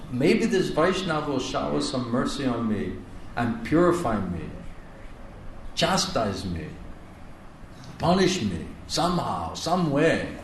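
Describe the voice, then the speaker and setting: A man's voice: on the high side, slight background noise. A man giving a spiritual class as a monk, preaching earnestly and stretching out repeated words for emphasis. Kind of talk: sermon. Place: lecture hall in India. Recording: echoey room from far off, faint ambience.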